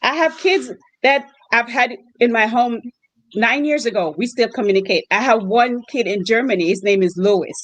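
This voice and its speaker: On a dry, muffled recording, a woman with a slightly high voice speaks at a moderate pace. As a host family mom for exchange students, she tells stories in an interview with animation, performing the lines she quotes.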